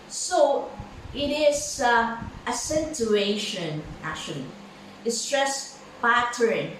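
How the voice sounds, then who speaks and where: Slow woman teacher in an echoey room. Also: a little high, distant mic, a little hiss or hum. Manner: slow, halting, many fillers and repeated words. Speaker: English pronunciation teacher. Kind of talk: slow classroom lesson.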